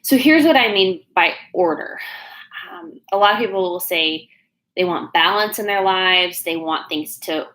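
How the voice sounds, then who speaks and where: Bright, chatty Oklahoma woman. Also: fairly low pitch, a little slow, rough recording. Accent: Oklahoma Southern. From Oklahoma, USA. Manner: chatty, bubbly, rambling with many fillers. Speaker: business coach. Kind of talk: casual livestream talk. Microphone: no external mic plugged in.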